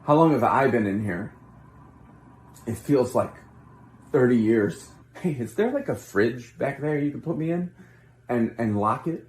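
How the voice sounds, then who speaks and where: A man playing a weary, awkward male politician in a comedy sketch, halting and mock-cheerful with despairing asides. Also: mid-range voice, lively intonation, close to an everyday voice. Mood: miserable awkward. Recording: roomy echo.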